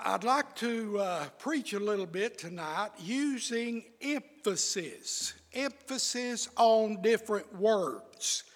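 A man preaching a sermon and praying, with slow, measured emphasis on his words. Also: sits high, a bit bright. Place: church sanctuary with long reverb. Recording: reverberant church hall.

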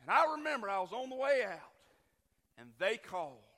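A preacher delivers his sermon in a high, bright voice. He tells his story with feeling, swinging between loud outbursts and near-whispers. The sound carries a long reverb, as if from a church hall. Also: very animated, brisk. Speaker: traveling preacher.

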